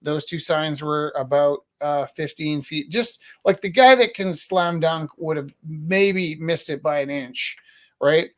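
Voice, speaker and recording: A man's voice: on the high side, slow. Rambling jokey man in his fifties. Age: 50s. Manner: rambling, self-deprecating, jokey. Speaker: artist auctioning his paintings. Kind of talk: casual live-stream chat. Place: art studio, indoors.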